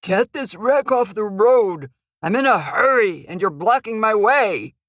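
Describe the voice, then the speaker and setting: A woman voicing a huge, impatient male thug who barks his demands in a gravelly voice. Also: mid-range voice, lively intonation, unhurried, dry recording, studio quality, pitched above the performer's own voice. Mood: angry. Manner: barking, demanding.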